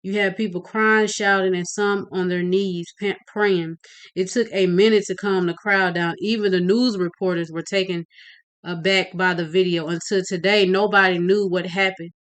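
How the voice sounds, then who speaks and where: A woman reading her novel aloud in a steady narrating voice, with occasional slips. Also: on the low side, moderate pace, clear, resonant tone. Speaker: audiobook reader.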